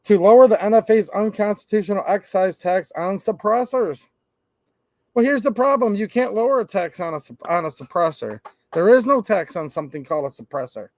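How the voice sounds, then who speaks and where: Animated and brisk, this high-voiced commentator sarcastically riffs on gun laws, playing both parts in imagined exchanges, with no echo on the recording.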